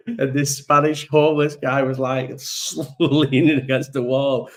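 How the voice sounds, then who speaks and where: A man's voice: mid-range voice, level tone, a little slow. A young man hosting a casual live-stream chat, rambling through stories with lots of swearing and frequent laughter.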